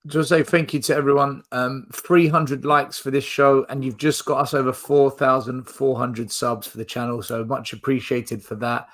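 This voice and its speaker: A man's voice: mid-range voice, fairly even intonation, moderate pace, hardly any pauses, fairly bright tone. A man hosting a casual football fan chat, reading out viewer questions in a chatty way. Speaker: podcast host.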